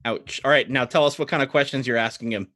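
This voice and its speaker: A man's voice: medium pitch, fast talker, no echo, studio quality. A man running a tabletop game as dungeon master, narrating actions and laughing along with players. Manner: relaxed, guiding, laughs often.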